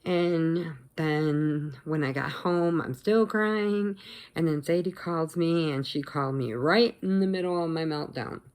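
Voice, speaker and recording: A middle-aged woman vlogging, casually telling a story to the camera in an animated, emotional way and acting out what others said. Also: low-pitched, unhurried. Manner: animated, emotional retelling, acts out quotes, laughs often.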